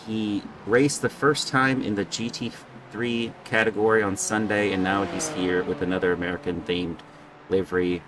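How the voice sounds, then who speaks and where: A man's voice: on the low side, flat delivery, normal speed, background noise. A young man giving casual, joking live commentary on a sim race and stumbling over drivers' names.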